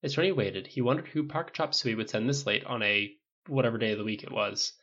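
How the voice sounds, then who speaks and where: A man reading a fan fiction story aloud, narrating in a lively way and raising his voice for the dialogue. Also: medium pitch, brisk, highs cut off. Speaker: audiobook narrator.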